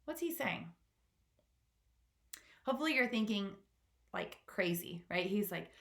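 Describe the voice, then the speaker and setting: A woman's voice: mid-range voice, expressive, a little slow, creaky, long pauses, fairly bright tone. A woman teacher reading a storybook aloud to students, stopping to ask questions and explain words.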